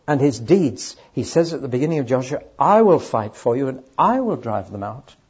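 A man's voice: medium pitch, expressive, moderate pace, a little mellow, breathy edge, dull audio. A man preaching a sermon to a live audience, emphatic and speaking straight to the listeners. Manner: emphatic, addresses audience directly.

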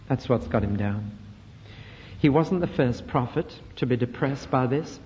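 A man's voice: a little high, mellow. A British man preaching a sermon, emphatic and fond of repeated rhetorical questions. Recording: dull recording in a reverberant hall.

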